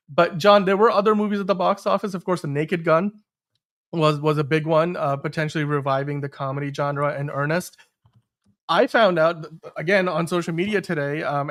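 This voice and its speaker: Chatty man hosting a live stream. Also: on the high side. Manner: rambling, many restarts and fillers. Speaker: podcast host. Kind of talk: casual live-stream chat.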